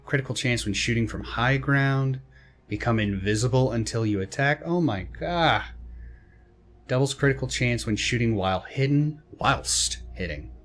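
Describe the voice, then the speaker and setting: A man's voice: mid-range voice, moderate pace, soft background music. A man hosting a let's play, reading game text aloud and reacting with chatty, casual asides. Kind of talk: casual gameplay commentary.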